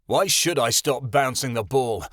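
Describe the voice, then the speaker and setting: A man's voice: mid-range voice, animated, measured pace, fairly bright tone, dry recording, studio quality. A man voicing a grown man who sulks and whines like a small child. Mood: whiny. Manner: whiny, childish. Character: hulking man acting like a sulky child.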